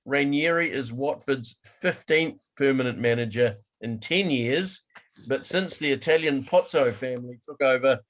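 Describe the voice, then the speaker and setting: Dry, steady sports news reader. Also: male voice, mid-range voice, unhurried. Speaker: podcast co-host. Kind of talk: reading sports news in casual chat.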